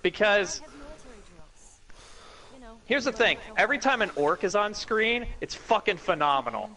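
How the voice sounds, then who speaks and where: A young man with a bright, fairly high voice rattles on in a casual podcast chat. He is animated and swears freely, piling up "like" as he goes. His sentences run together in excited bursts. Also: measured pace, low-quality recording. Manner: animated, profane, talks in run-on bursts with lots of "like". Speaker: podcast co-host.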